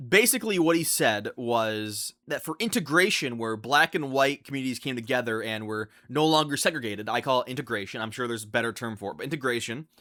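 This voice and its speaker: A young man telling a storytime vlog in an animated, incredulous way, often restarting his sentences. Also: mid-range voice, fairly quick, no echo, studio quality. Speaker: vlogger.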